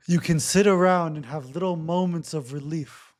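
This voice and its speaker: A man leading a guided breathwork session, speaking gently and repeating his cues. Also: fairly high pitch. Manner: slow, repetitive, gently instructive. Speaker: breathwork facilitator.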